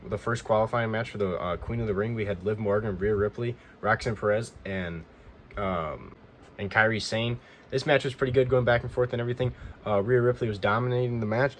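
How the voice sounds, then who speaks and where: A man with a lowish voice talks through a weekly recap in a loose, rambling way, stringing events together with repeated fillers. A faint hiss of noise sits under his voice. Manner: rambling, repeats "he goes" often. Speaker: wrestling recap vlogger. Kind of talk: casual show recap.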